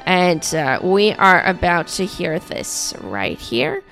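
Woman dj rambling between songs, gravelly and a bit hoarse, faint music underneath. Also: fairly low pitch, sing-song, slow, a bit bright. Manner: chatty, rambling with many fillers and restarts. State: slightly hoarse from coughing. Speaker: radio show host. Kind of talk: casual radio DJ chat.

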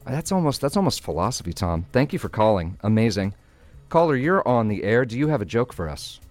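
A man's voice: lowish voice, big pitch swings, a little fast, darkish tone, dry recording, soft background music. A middle-aged man hosting a radio call-in joke show, playful and enthusiastic as he tells stories.

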